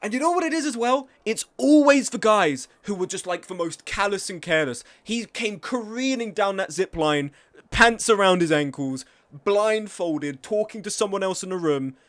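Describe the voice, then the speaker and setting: A man's voice: high voice, expressive, normal speed, fairly bright tone. A man live-streaming a game, chatting casually with his chat in a sweary, self-deprecating way.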